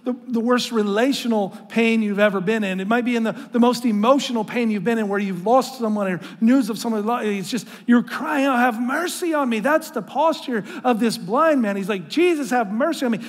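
A male pastor preaching a sermon in an earnest, conversational way, often restarting his phrases and calling the congregation to read along with him. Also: high voice. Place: church sanctuary. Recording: long reverb of a large hall.

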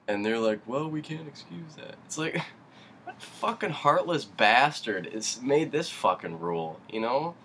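A young man talks in a low, deep voice. He is halting and emotional, with frequent pauses and restarts, and he swears when he gets heated. A faint noise floor sits under his voice. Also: a bit bright. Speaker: musician. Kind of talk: personal video talk.

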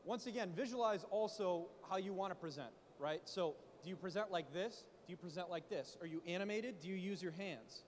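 A man speaking at a conference, coaching founders on pitching in an animated way, full of rhetorical questions. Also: brisk, few pauses, long reverb tail, a little hiss or hum. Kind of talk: startup pitch talk. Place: conference stage in a large hall. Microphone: handheld mic.

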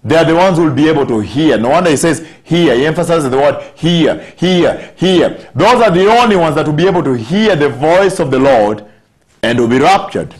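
A man preaching a sermon, stressing scripture words emphatically and slowing down on key phrases. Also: fairly high pitch, expressive.

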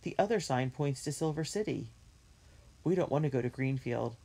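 A steady older brother from a storybook, calm and in charge, giving the younger ones firm directions, as a woman reader voices him. He sounds dependable. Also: rumbling low, moderate pace, exaggerated voice. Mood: relieved. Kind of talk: storybook reading.

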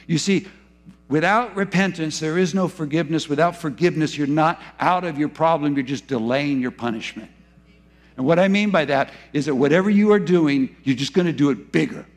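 A man preaching a sermon as pastor in a church, moving between hushed, slow lines and loud, urgent ones. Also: a little high. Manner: dramatic retelling with acted quotes, swinging between hushed and loud.

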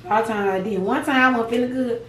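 A woman's voice: a little high, quick pace, reverberant, recorded from a distance, slight background noise, low-quality recording. A young woman vlogging to camera while eating, chatting to viewers in a folksy, laughing way with asides like "child" and "baby". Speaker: mukbang vlogger.

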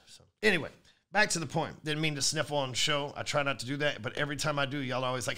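A man hosting a sales podcast, talking in a brash, profane, rapid monologue. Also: mid-range voice, bright, forceful tone.

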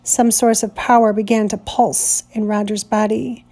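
A woman teacher reading a novel aloud in a measured, deliberate way. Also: medium pitch, flat delivery, warm tone.

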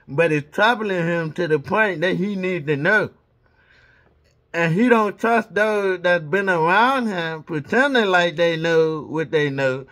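A Bible reader with a high, slightly bright voice reads scripture aloud, pronouncing every punctuation mark. Between verses he breaks off for casual asides.

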